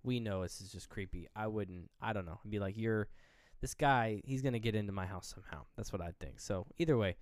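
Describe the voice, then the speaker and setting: A man co-hosting a podcast, retelling a horror film with lively, acted-out quotes and casual swearing. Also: lowish voice, fairly quick, no echo, clean studio sound. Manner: animated retelling, acting out characters' lines; swears freely. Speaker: podcast co-host. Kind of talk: casual movie recap.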